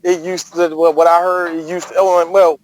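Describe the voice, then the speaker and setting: A man from Washington, D.C., with a fairly high voice, talking in a loose, animated way. He jokes, swears freely and breaks into laughter as he hosts a casual sports chat. His delivery bounces between quick asides and drawn-out punchlines. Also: a little hiss or hum, low-quality recording. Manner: animated, joking, profane, laughs often. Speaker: podcast host.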